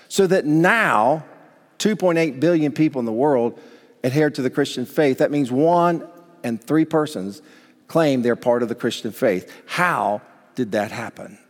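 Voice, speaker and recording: A male pastor preaching a sermon, talking conversationally and asking the congregation rhetorical questions. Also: a little high. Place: church sanctuary. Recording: long hall reverb.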